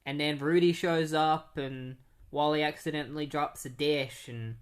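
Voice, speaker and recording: A man's voice: on the high side, steady tone, normal speed. A man casually recapping comic issues on a podcast, rambling with many fillers and restarts. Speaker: podcast host.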